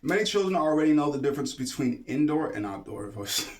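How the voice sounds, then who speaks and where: A man's voice: on the high side, big pitch swings, brisk, a little hiss or hum. A man casually reading a children's book aloud, stopping often to ramble and joke. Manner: digressive, jokey, stop-start reading.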